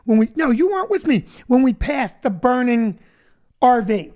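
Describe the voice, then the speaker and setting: A man's voice: extremely high pitch, big pitch swings, moderate pace, darkish tone. A middle-aged man, a comedian hosting a live stream, chatting casually with joking asides. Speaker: comedian host.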